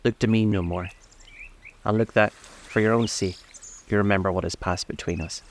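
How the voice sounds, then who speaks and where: A man's voice: on the low side, steady tone, normal speed, slight background noise, natural voice. A man voicing the chained ghost of an old businessman, speaking in a solemn, grave, lamenting way.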